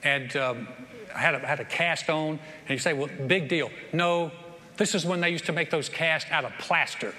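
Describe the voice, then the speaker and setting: Bright-voiced preacher in an echoing church. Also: male voice, a little high, moderate pace. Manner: animated storytelling with repeated restarts. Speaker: pastor. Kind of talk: sermon. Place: church sanctuary. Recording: long church hall reverb, faint noise.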